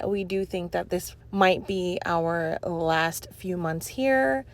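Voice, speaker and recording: A young cleaning vlogger talks over her footage in an earnest, rambling voice-over, full of "you know" fillers. Her voice is fairly low and a little mellow.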